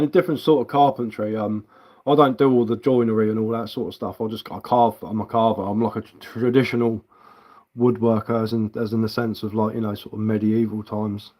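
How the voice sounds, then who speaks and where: A man's voice: mid-range voice, darkish tone. A man from England hosting a casual livestream as a woodcarver, rambling bluntly and swearing casually while answering viewers. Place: indoors at home.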